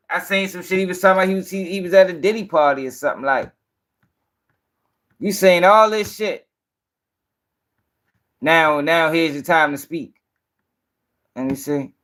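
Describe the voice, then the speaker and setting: A man's voice: a little high, brisk, fairly bright tone. Heated, profane man hosting a live stream. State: tired. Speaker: live-stream news host. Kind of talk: casual live-stream commentary.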